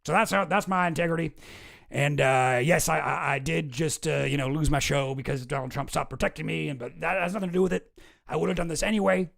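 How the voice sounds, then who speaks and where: A man's voice: fairly high pitch, fairly even intonation, fast talker, vocal fry, fairly bright tone. A man doing a sarcastic impression of a blustering talk-show host making a fake, rambling confession. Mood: mock-sincere. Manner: mock-sincere, sarcastic, rambling.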